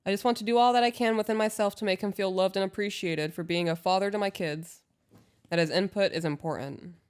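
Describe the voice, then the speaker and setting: A woman co-hosting an advice podcast, calm and agreeable, reading listener emails aloud. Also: mid-range voice, a little fast, smooth. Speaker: podcast co-host. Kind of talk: casual advice chat.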